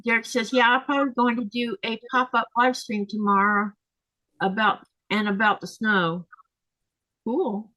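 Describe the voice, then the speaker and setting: A tired woman hosts a casual live sewing stream, reading viewer comments aloud and answering them in a chatty way. Her voice sits on the higher side, and the recording is dry and close. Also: little pitch movement, moderate pace, sharp tone, no echo, low-quality recording. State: tired, keeps yawning.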